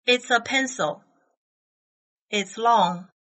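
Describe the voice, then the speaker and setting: A woman reading numbered items from an English listening test, each phrase slow, carefully spaced and evenly paced. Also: a little high, a bit bright, rough recording.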